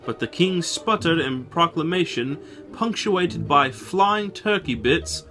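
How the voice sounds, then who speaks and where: A man's voice: on the high side, expressive, takes it slowly, bright, forceful tone, faint music behind, pitched above the performer's own voice, heavily acted. A man reading a game manual story aloud in a put-on British accent, with a theatrical, swooping storybook delivery. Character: male storybook narrator with mock British accent.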